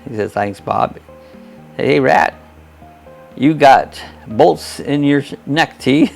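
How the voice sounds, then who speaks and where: An older man hosts a casual live chat, reading out viewers' comments. His voice sits at an ordinary pitch and has a gravelly rasp. He rambles in a folksy way and chuckles often, with faint music playing behind him. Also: slow, darkish tone. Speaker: host of a live chat stream.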